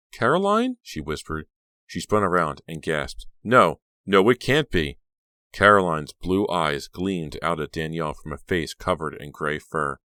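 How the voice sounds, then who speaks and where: A man with an extremely deep voice narrates an audiobook in steady, measured scripted narration. The sound is very dry and close, with no room around it. His pacing stays even and unhurried. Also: no echo.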